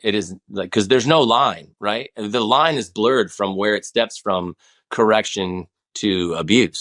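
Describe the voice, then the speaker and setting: A man's voice: lowish voice, fairly bright tone. A man in his forties, a guest on a podcast, talking in a rambling, passionate way with many restarts. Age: 40s. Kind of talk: casual conversation.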